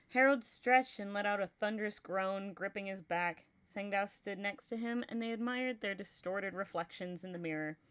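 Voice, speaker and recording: Young woman reading a story out loud on stream, middle pitch, steady reading. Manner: reads steadily, breaks into laughter and chat between passages. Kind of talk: reading a horror story aloud on a livestream.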